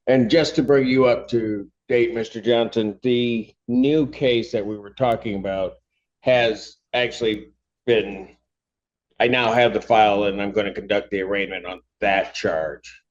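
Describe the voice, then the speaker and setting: A man presiding as judge in a court arraignment, reading charges in a formal, measured way and repeating his questions patiently. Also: fairly low pitch, steady tone, muffled recording.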